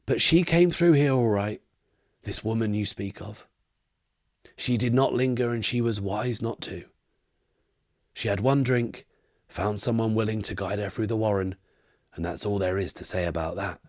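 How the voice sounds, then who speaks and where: A man voicing an elderly male barkeep who gives grave, measured warnings in a low hush. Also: no echo, studio quality, natural voice. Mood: weary.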